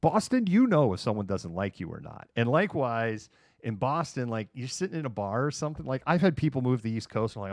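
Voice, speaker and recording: A man's voice: mid-range voice, very animated, fast, creaky, dry recording, studio quality. A middle-aged man from Massachusetts, hosting a livestream in casual, sarcastic chat. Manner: chatty, sarcastic, acts out quoted people. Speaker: livestream host. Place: home room.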